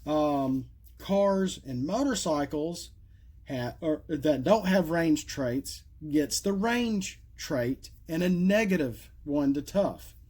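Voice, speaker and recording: A man's voice: fairly high pitch, animated, slow pace, a little mellow, slightly rough. A middle-aged man casually presenting homemade game cards, rambling with many fillers and asides, his voice cracking and coughing at times. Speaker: card game creator presenting custom cards. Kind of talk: casual solo video talk.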